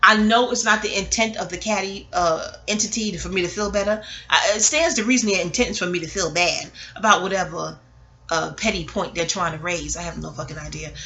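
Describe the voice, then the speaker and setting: A woman's voice: lowish voice, fairly quick. A woman from Queens, delivering a rambling, digressive and emotional monologue about a film. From New York, Queens. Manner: digressive, emotional, expressive, swears casually. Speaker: vlogger reviewing a film. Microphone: audio-only recording.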